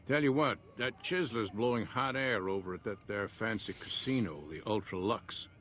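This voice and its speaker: Male actor as a low-voiced, bitter frontier rancher, drawling and scornful. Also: moderate pace, a bit bright, a little hiss or hum, close to an everyday voice. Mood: approving. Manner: folksy drawl, grumbling and blunt. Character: gruff old male rancher, bitter and vengeful. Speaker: game character.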